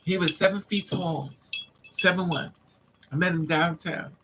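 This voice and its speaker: A woman vlogger telling a story in a casual, animated way, repeating lines for emphasis and acting out what men said to her. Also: lowish voice, measured pace, heavy background noise. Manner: acts out the men's lines in quotes.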